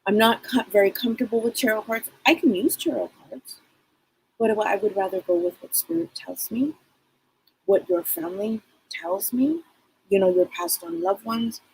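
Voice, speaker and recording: A woman's voice: fairly high pitch, lively intonation, moderate pace, vocal fry, a little hiss or hum, poor audio. A middle-aged woman hosting a live psychic reading broadcast, rambling casually with many fillers. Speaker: psychic show host.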